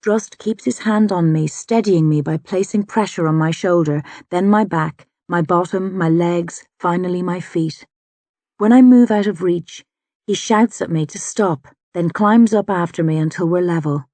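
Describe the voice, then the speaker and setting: A woman narrating a fantasy audiobook in the first person, with a measured, dramatic delivery. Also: fairly low pitch, a little mellow, dry recording.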